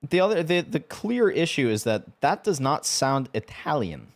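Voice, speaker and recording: A man's voice: on the high side, very animated, moderate pace. A young man talking casually on a live stream, rambling and stumbling over his words. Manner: rambling, stumbling, laughing often.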